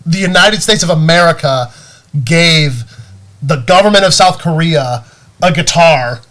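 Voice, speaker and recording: Guy w a higher voice rambling thru a story on a podcast, lots of likes and restarts. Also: measured pace. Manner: animated storytelling, many fillers and restarts. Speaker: podcast co-host. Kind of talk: casual chat.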